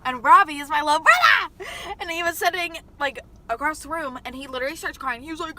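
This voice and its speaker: A woman in her twenties telling a story in a chatty, profane, animated way in a casual vlog. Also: high-pitched, quick pace. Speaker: mukbang vlogger.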